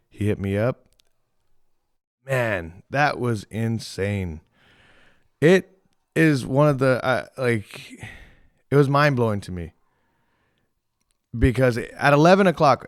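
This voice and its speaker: A young man hosting a podcast, telling a story in a rambling, profane, animated way and quoting the people in it. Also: mid-range voice, smooth, no room sound, studio quality. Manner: rambling, profane, animated retelling with quoted voices. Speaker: podcast host. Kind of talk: casual storytelling.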